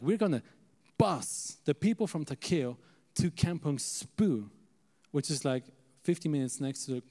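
A male preacher telling a story in an animated sermon, calling out to the audience for amens. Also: mid-range voice. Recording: echoey hall.

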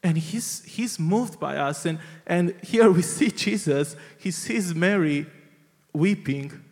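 A man's voice: sits high, lively intonation, takes it slowly, a little mellow, in a large hall. A man preaching a sermon in an earnest, heartfelt way, often restarting his phrases.

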